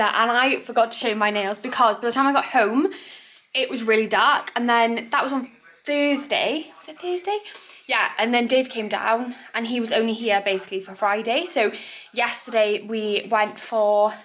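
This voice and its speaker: A woman's voice: fairly high pitch, background noise. A young woman from England chatting casually in her vlog, rambling and talking to her dogs now and then. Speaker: vlogger.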